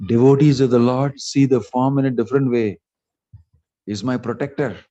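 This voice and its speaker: A man's voice: medium pitch, moderate pace, highs cut off. Man telling a sermon story. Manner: animated storytelling with voiced quotes and jokes. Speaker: monk giving discourse.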